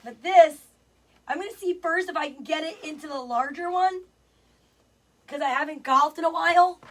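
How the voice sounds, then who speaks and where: A woman's voice: high voice, normal speed. A woman chatting casually on a livestream, greeting viewers by name and reading out their comments. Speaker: livestream host.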